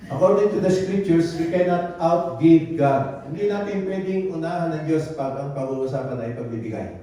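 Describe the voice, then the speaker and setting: A man preaches a sermon in a very echoey church hall, heard from some distance off the mic. His voice is mellow and dark in tone. He repeats his points and mixes in phrases. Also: fairly high pitch, expressive, brisk. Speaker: pastor.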